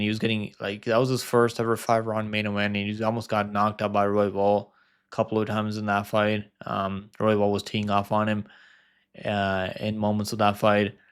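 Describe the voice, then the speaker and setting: A man's voice: lowish voice, smooth. Male fight-pick host, clean resonant tone, casual rambling delivery full of fillers and restarts. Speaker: MMA predictions host.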